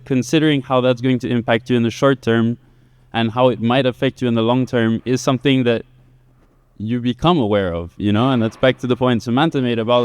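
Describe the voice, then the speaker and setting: Male panelist, smooth voice, loose and rambling with lots of fillers. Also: medium pitch. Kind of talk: panel talk.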